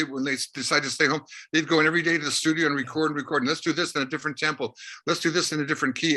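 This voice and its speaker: A man, telling anecdotes in a lively way as an interview guest and acting out the dialogue. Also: a little high. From Canada, Winnipeg. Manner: lively anecdotal storyteller who acts out dialogue. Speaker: interview guest, rock musician. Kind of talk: casual storytelling interview.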